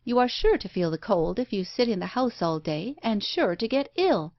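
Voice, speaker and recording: A woman voicing a brusque, blunt, impatient unmarried woman who talks in a sharp, scolding way. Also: medium pitch, sing-song, normal speed, dry recording, dull audio.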